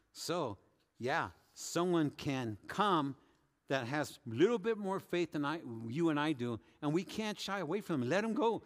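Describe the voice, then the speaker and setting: A man with a notably high voice preaching a sermon, telling the story vividly and acting out the quoted speech of the people in it. His voice rings with a long hall reverb, as if in a church sanctuary. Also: expressive, unhurried. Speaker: pastor.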